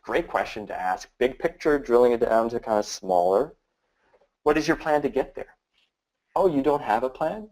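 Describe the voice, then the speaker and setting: A man's voice: mid-range voice, animated, normal speed, darkish tone, rough recording. A man giving a casual training talk on prospecting, acting out sample questions in a shifting, curious tone. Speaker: business trainer.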